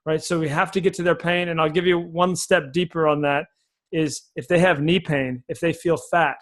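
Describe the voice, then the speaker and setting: On a podcast, a male sales coach explains his method in an energetic, folksy style, repeating key phrases. His voice is a little high and his speed normal.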